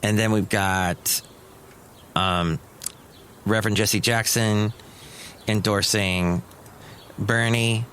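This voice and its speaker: A man's voice: fairly low pitch, steady tone, slow pace, long pauses, fairly bright tone, a little hiss or hum. Wry rambling male podcast host. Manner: wry, meandering, chatty. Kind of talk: rambling solo comedy podcast.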